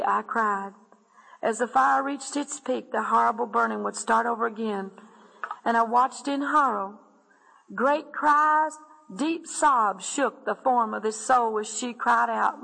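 A woman tells a dramatic religious testimony with earnest intensity, turning often to her listeners as "my friend." Captured roughly in a large hall, her voice is on the high side, creaky, pushed and bright, at a measured pace.

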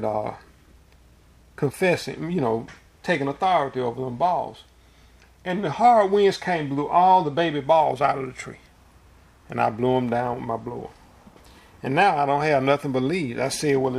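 Gravelly preacher, folksy sermon. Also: male voice, on the high side. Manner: folksy storytelling with asides.

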